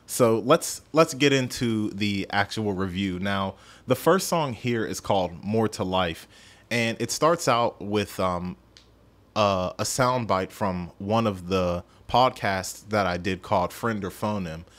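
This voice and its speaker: A man's voice: fairly low pitch, takes it slowly, a bit bright. A man hosting a podcast, chatting casually through a music review in a rambling, self-deprecating way and stumbling over his words. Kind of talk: casual solo review chat.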